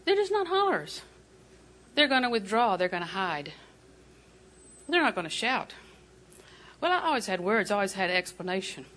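Bright-voiced older woman preaching with humor. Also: mid-range voice, lively intonation, moderate pace, pauses often. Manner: folksy, humorous storytelling with frequent laughs. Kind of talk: sermon.

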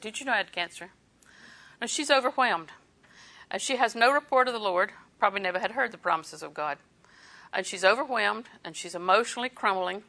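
A woman's voice: medium pitch, sharp tone. A woman preaching a sermon in a conversational way, chuckling and acting out quoted asides.

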